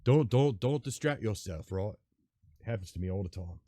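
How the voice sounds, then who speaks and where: A man's voice: mid-range voice, very fast, no room sound, clean studio sound, close to an everyday voice. A man putting on a zany pirate with a botched Scottish accent. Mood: pep talk. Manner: pep-talk, coaching, excitable.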